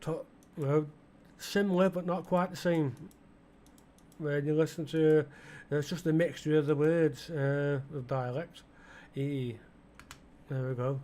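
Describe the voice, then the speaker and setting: Slightly high and a little mellow, his tone stays steady while he talks a bit slowly. The speaker is a middle-aged gaming channel host with an East Midlands English accent, rambling chattily through a casual let's-play, packing in fillers and addressing the game's customers.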